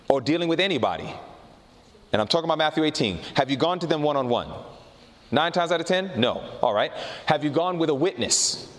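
A man preaching a sermon, telling a story with lively, animated delivery and slowing down to make his points. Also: mid-range voice. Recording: reverberant hall.

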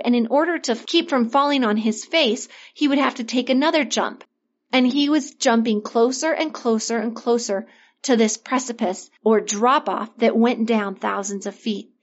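A woman telling a Bible lesson story to children, gently expressive, asking her listeners questions as she goes. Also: on the high side. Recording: dull lo-fi recording.

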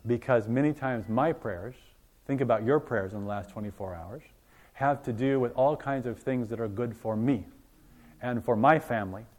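A man preaching a sermon, telling a story with acted-out dialogue and swinging from loud, emphatic passages to hushed ones. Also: medium pitch.

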